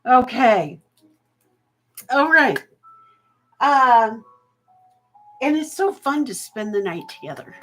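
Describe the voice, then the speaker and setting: Slow-talking woman hosting a live jewelry auction. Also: fairly high pitch, big pitch swings, a bit bright, faint music behind, rough recording. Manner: slow, chatty, thankful, with fillers. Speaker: live jewelry sale host. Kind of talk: live-stream auction chat.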